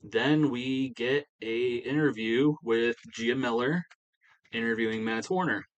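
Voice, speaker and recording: A man's voice: mid-range voice, measured pace, highs cut off. A young adult man casually recapping a wrestling management sim in a rambling way, full of "you know" fillers. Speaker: let's play creator.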